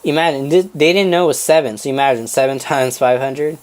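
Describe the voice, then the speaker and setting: Young man telling a lively story. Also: on the high side, quick pace, few pauses. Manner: animated, acts out family members' voices, swears freely, laughs mid-story. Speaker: podcast co-host. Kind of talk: casual storytelling chat.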